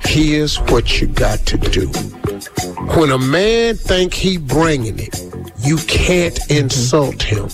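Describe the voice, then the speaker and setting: A man's voice: slow, over music. A man hosting a radio advice segment, joking and acting out silly lines with lots of animation. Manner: animated, acts out silly lovers' lines in a high voice. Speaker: radio show host giving advice. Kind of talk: comedic advice banter.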